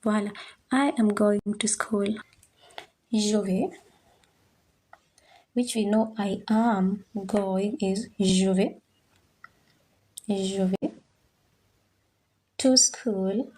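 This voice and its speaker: A woman teaches at a board with a mellow, soft-edged voice. She speaks slowly and patiently, repeating each word so learners can follow along. Her delivery is unhurried and methodical. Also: medium pitch, fairly even intonation. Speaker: French teacher. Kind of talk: slow classroom explanation at a board.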